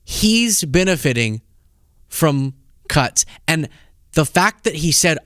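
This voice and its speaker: A man hosts a solo political commentary show. He sounds animated, incredulous and sarcastic. His voice sits a bit high, and the recording is dry and close, with no room echo. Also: slow pace.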